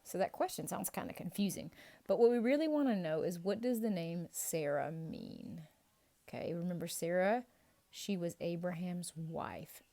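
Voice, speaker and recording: A woman leading a playful Bible quiz for children, drawing out each answer and cheering the kids on. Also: on the low side. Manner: playful, animated and encouraging, drawn-out answer reveals. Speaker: children's ministry teacher.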